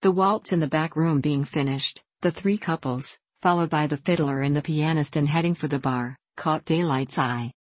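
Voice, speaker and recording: Audiobook narrator, woman, low voice, dry close sound, steady measured read. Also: no room sound. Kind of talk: scripted narration.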